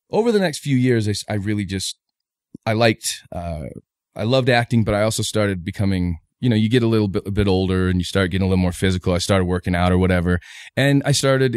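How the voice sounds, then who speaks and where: A man's voice: on the low side, clear, resonant tone, no echo, clean studio sound. A man rambling through a story. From Utah, USA. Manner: rambling, animated storyteller with many restarts. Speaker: guest comedian. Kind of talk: casual podcast chat, storytelling.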